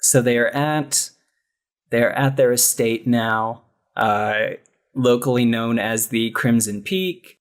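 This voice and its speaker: A podcast co-host recapping a film in casual chat, relaxed and agreeable. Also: medium pitch, slow pace. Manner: relaxed, agreeable, lots of backchannel.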